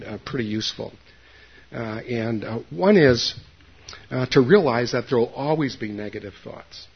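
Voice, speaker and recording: An older man gives a Zen dharma talk to a group, his gravelly, husky voice coming through a dull lo-fi recording. He speaks haltingly, with lots of fillers and restarts, and keeps checking in with his listeners in a folksy way. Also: medium pitch. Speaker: Zen meditation teacher.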